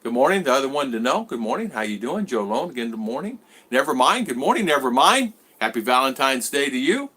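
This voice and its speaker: A man's voice: medium pitch, big pitch swings, a little fast, sharp tone, husky. A man in his sixties hosting a casual live-stream vlog, rambling as he greets viewers by name and answers their comments. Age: 60s. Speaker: vlogger host.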